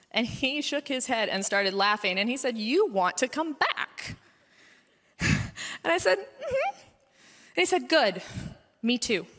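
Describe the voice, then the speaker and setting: A woman's voice: medium pitch, pushed and bright. A woman pediatrician in her thirties giving an earnest personal testimony at a mission conference, her voice rising as the story grows emotional. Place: large conference hall. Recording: long hall reverb.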